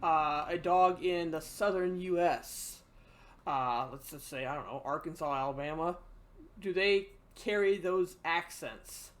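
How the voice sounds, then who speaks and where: A man's voice: on the high side, a little slow. A man co-hosting a casual podcast chat, rambling through hypothetical questions with lots of stammered restarts. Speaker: podcast co-host.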